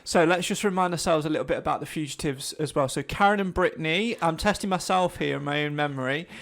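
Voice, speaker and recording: A man's voice: a little high, fast, vocal fry, fairly bright tone. A man co-hosting a podcast, tired from illness and chatting in a rambling, self-deprecating way. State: tired, getting over an illness. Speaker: podcast co-host. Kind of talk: casual podcast chat.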